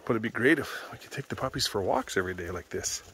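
A man vlogging outdoors on a walk with a handheld camera, calling out loudly in a high sing-song and chatting quietly in between. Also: lively intonation, fast, slight background noise. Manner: calls dogs in a loud high sing-song, chats softly between. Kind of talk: casual vlog commentary.

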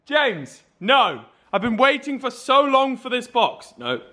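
An excitable young man from England talks to camera in a casual vlog. His voice sits high and jumps all over the place, loud one moment and low the next. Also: measured pace, a little hiss or hum. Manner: excitable, playful, swings between loud and low. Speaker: vlogger.

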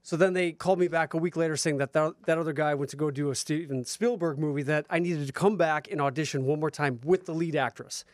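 High-voiced man telling funny stories. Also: fast, hardly any pauses, no echo, clean studio sound. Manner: animated, self-mocking anecdote teller. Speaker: guest actor turned real estate investor. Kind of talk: casual storytelling on a talk show.

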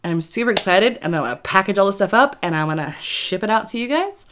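A woman's voice: mid-range voice, lively intonation, fast talker, fairly bright tone. A woman talking casually to her viewers in a rambling way, giggling often between phrases. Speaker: YouTube creator. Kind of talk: casual vlog talk to viewers.

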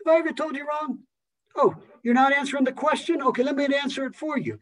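A man's voice: very high-pitched, voice pushed up. A man putting on a brash, pushy Philadelphia man who scolds a friend with needling questions. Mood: scolding. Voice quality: loud, needling, rapid-fire questions.

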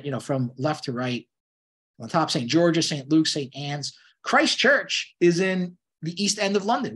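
Halting man lecturing, higher voice. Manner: halting, full of restarts and "you know"; conversational, explanatory. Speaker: college lecturer. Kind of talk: classroom lecture.

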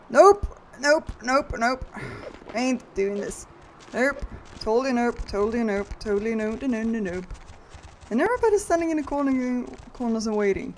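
A woman's voice: a little high, expressive, normal speed, darkish tone, slight background noise. A woman giving casual let's-play commentary, flustered and swearing, chanting "nope" over and over. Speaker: gaming video creator.

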